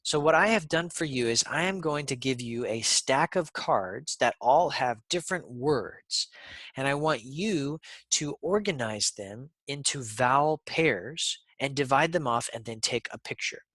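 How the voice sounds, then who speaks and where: A man teaching a pronunciation lesson, speaking deliberately and repeating sounds for learners. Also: mid-range voice, expressive, fairly bright tone, dry recording.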